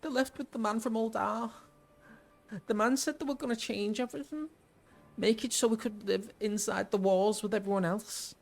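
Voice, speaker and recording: A man voicing a small frightened child who is searching for missing parents, in a high, pleading voice. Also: fairly even intonation, moderate pace, vocal fry, faint music behind. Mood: worried.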